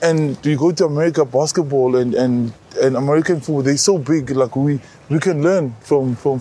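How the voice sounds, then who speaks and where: A South African man in his thirties, a rugby captain, telling stories in relaxed casual chat as an interview guest. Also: medium pitch, slightly rough. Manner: relaxed storytelling, says bro a lot, many restarts.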